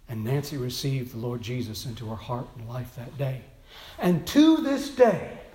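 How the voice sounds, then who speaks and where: In a reverberant space, a pastor delivers a sermon, his voice on the high side. He tells stories in a chatty, conversational manner, wandering into many asides.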